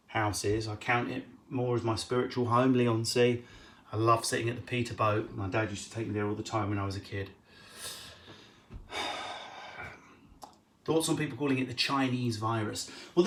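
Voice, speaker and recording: A man, a comedian, answering viewer questions at home in a casual, cheeky, sweary way. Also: medium pitch. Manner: cheeky, sweary, quick-witted. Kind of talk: casual live Q&A.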